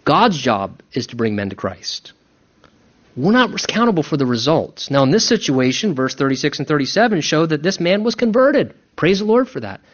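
Man, pastor, sermon, emphatic animated delivery, higher-pitched voice, muffled recording. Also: moderate pace. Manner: emphatic, animated preaching with mock-voiced asides.

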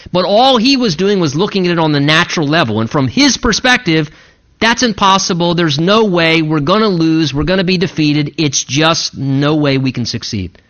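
A man's voice: a little high, pushed and bright, lo-fi sound. A man preaching a sermon, working through a passage verse by verse and adding joking asides. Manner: expository preaching with humorous asides. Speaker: pastor.

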